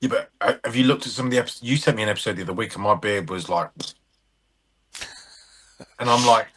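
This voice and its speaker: A man with a lowish, husky voice talks in loose, rambling banter. He is a podcast co-host who jokes around, swears freely and loses his thread. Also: quick pace, a bit bright. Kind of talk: casual banter.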